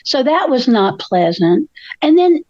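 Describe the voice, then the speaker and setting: A woman's voice: high voice, very animated, a little slow, dark tone, muffled recording. An older woman, a co-host telling stories in casual chat, feisty and acting out the voices of the people she quotes.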